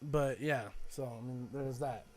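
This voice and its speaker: A man's voice: medium pitch, steady tone, a little slow. A young man co-hosting a podcast, talking in a rambling, reflective way with lots of fillers. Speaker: podcast co-host. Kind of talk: casual chat.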